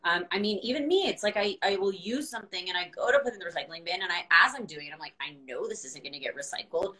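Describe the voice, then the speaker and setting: A woman's voice: medium pitch, expressive, racing, bright, forceful tone, low-quality recording. A young woman guest on a video call, talking candidly and animatedly, with frequent laughs and blunt words. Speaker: guest, founder of a reusable straw company. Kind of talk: casual video-call chat.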